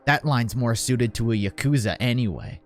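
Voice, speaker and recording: Lively young man, swearing gamer. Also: medium pitch, normal speed. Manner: casual, swears freely, reads game text aloud. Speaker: let's play gamer. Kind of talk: casual gameplay commentary.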